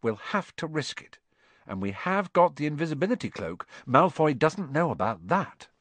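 A man's voice: a little high, very animated, moderate pace, fairly bright tone, no echo, voice pushed up. A man voicing a determined teenage schoolboy who talks in an urgent, resolute way.

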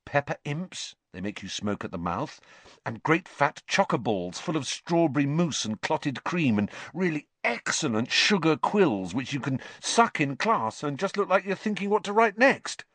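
Raised excitable boy's voice, offhand, bouncy, by a male reader, dry sound. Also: a little high, moderate pace, no echo, pitched above the performer's own voice. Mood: dreamy. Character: excitable greedy teenage schoolboy wizard.

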